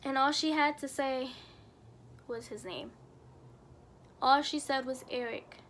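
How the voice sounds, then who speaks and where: Young adult woman, storytime vlogger; high, level delivery, earnest and somber. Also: creaky, a bit bright, slight background noise. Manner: earnest, somber retelling with many fillers. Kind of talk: storytime narration.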